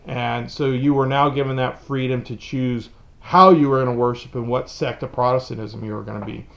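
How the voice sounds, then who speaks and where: A middle-aged man from the United States talks straight to the camera in an earnest opinion monologue. His voice sits at an ordinary pitch, and he often repeats words as he builds a point. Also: fairly even intonation, a little fast, creaky, a bit bright, dull audio. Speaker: vlogger.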